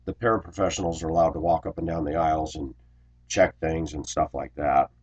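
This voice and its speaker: Deep, raspy male bus driver, aggrieved storyteller, muffled home recording. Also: level tone, fairly quick, darkish tone. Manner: indignant, complaining, frequent throat clearing. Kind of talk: ranting personal storytelling vlog.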